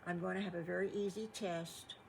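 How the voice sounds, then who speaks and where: A woman's voice: fairly low pitch, level tone, fairly quick, gravelly, a little hiss or hum. An older woman voicing a kind substitute teacher in a storybook, polite and reassuring.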